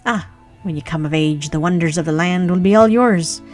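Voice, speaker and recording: A woman's voice: on the low side, normal speed, soft background music, natural voice. A woman doing a folksy old village man. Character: older rustic man resting by a shrine.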